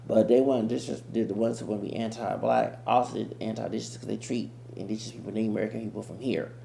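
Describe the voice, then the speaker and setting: Gravelly-voiced man ranting on camera. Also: on the low side, steady tone, quick pace, warm tone. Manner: rambling, emphatic. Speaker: commentator. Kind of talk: reaction commentary. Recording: echoey room with faint hum.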